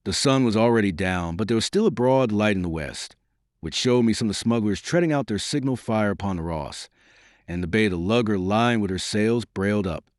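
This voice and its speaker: An audiobook narrator reads a scripted story in a measured, formal manner. His voice is fairly low, and the studio-quality recording has no echo.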